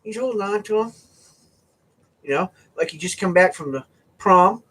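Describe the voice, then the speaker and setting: A man from the US East Coast telling a casual fishing story, animated and often checking in with "right?". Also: high-pitched, normal speed, slightly rough. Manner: animated, keeps asking "right?". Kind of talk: casual anecdote.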